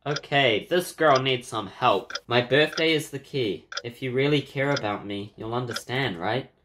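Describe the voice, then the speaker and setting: A man playing through a horror game, giving casual, wry commentary and clearing his throat now and then. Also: mid-range voice, moderate pace, noisy background. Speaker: game player. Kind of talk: let's play commentary.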